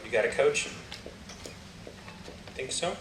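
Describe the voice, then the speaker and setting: A man's voice: medium pitch, slow, roomy sound, recorded from a distance, background noise. A man giving a guest lecture, playfully coaching volunteers through a game and laughing often. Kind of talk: lively lecture-hall game with audience.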